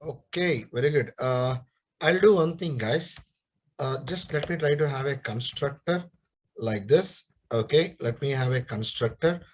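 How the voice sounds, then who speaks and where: A man's voice: medium pitch, a little slow, slight background noise. A young man teaching a live online coding class, scolding and encouraging students and repeating his questions. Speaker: programming teacher.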